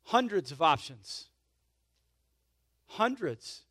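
A man preaching a sermon in a conversational way, checking in with "right?" and "okay?" and swinging from emphatic swells to soft asides. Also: fairly high pitch, very animated, very slow, dry recording, studio quality. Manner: emphatic swells in volume, then drops to soft intimate asides. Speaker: pastor.

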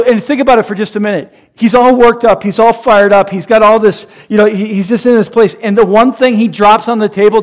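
A man in his thirties preaching a sermon, who acts out quoted voices and laughs at his own jokes. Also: sits high. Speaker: pastor.

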